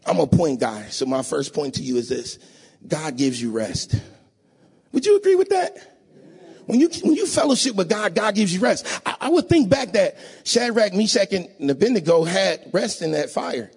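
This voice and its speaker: A man preaching a sermon in a church, emotional and rising to sing-song shouts, often asking the congregation to agree. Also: high-pitched, lively intonation, normal speed, husky. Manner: call-and-response, asks audience to agree.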